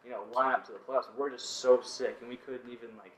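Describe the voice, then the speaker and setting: A man's voice: medium pitch, steady tone, quick pace, distant mic, a crowd in the background. A man chats loosely as a podcast guest, leaning on fillers as he tells his stories. He sits a little back from the mic, and the room echoes around him. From Canada. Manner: laid-back, many "like" and "you know" fillers. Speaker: podcast guest, volleyball player. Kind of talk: casual storytelling. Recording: roomy, from off-mic.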